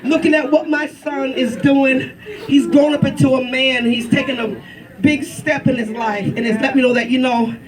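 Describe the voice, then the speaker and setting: High-voiced woman telling a party story. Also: normal speed, far from the mic, low-quality recording. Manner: animated, laughing through the story, acting out the shouting. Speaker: mother giving a farewell toast. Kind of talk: storytelling toast. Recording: loud party crowd around.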